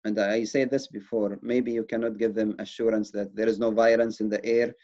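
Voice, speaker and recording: Man, quick and mellow, earnest reassuring presenter, muffled lo-fi audio. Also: on the low side, level tone. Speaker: wellness presenter. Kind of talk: educational talk. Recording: dull lo-fi recording.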